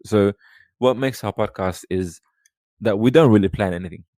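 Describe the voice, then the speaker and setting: A podcast guest, talking casually and rambling with lots of fillers and restarts. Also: male voice, lowish voice, normal speed, mellow, no echo. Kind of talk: casual chat.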